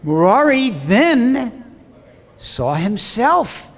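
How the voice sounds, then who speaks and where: A man giving a scripture lecture as an animated, dramatic storyteller who acts out the quoted voices. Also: very high voice, very slow. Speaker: preacher. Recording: long hall reverb, faint background hum.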